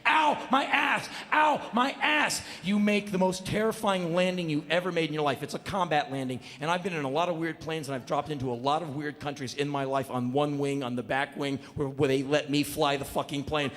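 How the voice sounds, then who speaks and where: A man telling a comedic spoken word story on stage, punchy and animated. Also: on the high side, brisk, few pauses. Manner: animated, punchy, bursts into shouts. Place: stage in a large hall. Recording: long hall reverb, live show.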